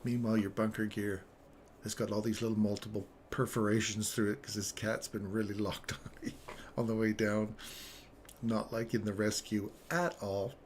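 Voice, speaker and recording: Man, low voice, casual rambling storytelling, chuckles often, faint background noise. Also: level tone, moderate pace. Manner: rambling, laughs between phrases. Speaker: trading live-streamer. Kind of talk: casual storytelling on a live stream.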